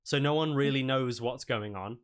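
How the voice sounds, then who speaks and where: A man at mid pitch guiding a tabletop session as dungeon master. He narrates casually, with frequent pauses and fillers. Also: clean tone. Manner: loose, filler-heavy narration.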